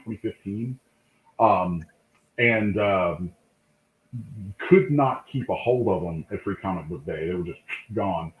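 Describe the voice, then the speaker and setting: A man, a comic book artist, telling lively anecdotes in a casual interview, acting out the voices of people in his stories. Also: on the low side. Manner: animated anecdote-telling, acts out quoted voices. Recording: tinny call line in an echoey room.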